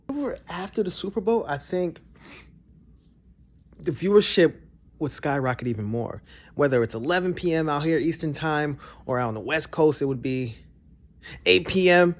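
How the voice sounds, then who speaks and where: A young adult man, giving casual reaction commentary that swings from low grumbles to excited bursts. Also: moderate pace, pauses often. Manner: animated, jumps between low grumbles and high excited bursts. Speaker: vlogger reacting to a broadcast.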